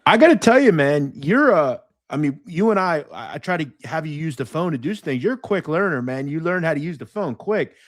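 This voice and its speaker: A man interviewing a guest in a relaxed conversation, quick to agree and encourage. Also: on the high side, no room sound, clean studio sound. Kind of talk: casual interview.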